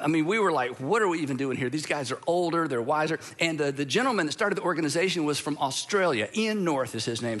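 A man's voice: fairly high pitch, fairly bright tone. A middle-aged man from Georgia, a pastor giving a sermon, telling personal stories in a conversational way with self-deprecating asides. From Georgia, USA.

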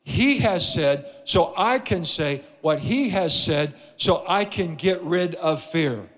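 A man's voice: fairly high pitch, lively intonation, slow pace, fairly bright tone, in a large hall. A man preaching a sermon as pastor in a church, emphatic with repeated phrases. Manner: emphatic, repetitive preaching cadence. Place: church sanctuary.

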